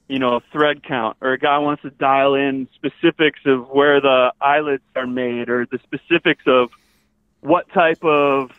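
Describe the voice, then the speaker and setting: A man's voice: on the high side, no room sound. Wisconsin man on a tinny phone line. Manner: folksy, easygoing, many fillers. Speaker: boot company spokesman. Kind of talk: casual interview chat.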